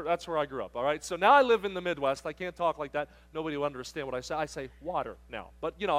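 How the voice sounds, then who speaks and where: A man's voice: on the high side, fast, few pauses, fairly bright tone. A middle-aged man from southern New Jersey preaching to teens at a camp, joking but firm and conversational. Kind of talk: sermon to teens.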